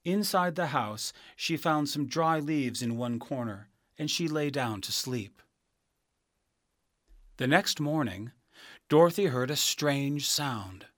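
A man reading a children's storybook aloud as narrator, slow, clear and expressive. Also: a little high, no echo, studio quality.

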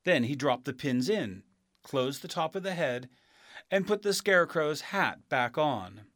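Slow, expressive male storyteller. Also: medium pitch, no echo, clean studio sound. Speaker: narrator. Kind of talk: storybook reading aloud.

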